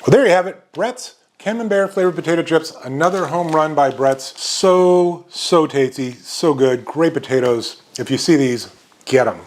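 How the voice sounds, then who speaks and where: A man's voice: mid-range voice, slight background noise. Upbeat middle-aged man reviewing chips. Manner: upbeat, chatty, lots of happy exclamations. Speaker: snack review host. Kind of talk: casual review vlog.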